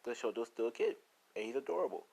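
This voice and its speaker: A man improvising a casual story and rambling through it. He leans on fillers like "you know", and his voice sits at an ordinary mid pitch. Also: very animated, quick pace, creaky, darkish tone, breathy edge. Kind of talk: improvised casual fan-fiction narration.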